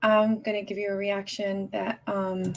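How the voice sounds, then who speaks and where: A woman ranting on her live stream, upset and agitated, talking in halting bursts with lots of restarts and swearing. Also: medium pitch, level tone. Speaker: livestreamer. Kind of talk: casual live-stream rant.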